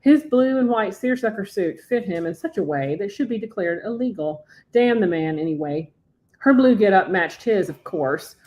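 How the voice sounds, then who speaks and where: Woman reading her novel aloud. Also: mid-range voice. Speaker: author, podcast guest.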